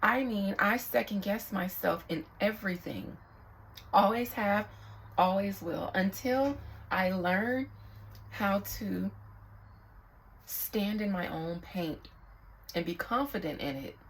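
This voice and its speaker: A young woman speaking as a psychic reader in a casual, candid vlog monologue, reflective and quick to swear. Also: mid-range voice, slight background noise, poor audio.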